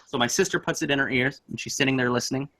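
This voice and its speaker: A man's voice: mid-range voice, rapid-fire. A young man casually telling a spooky story, acting out the voices in it. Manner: animated, acts out voices in his story.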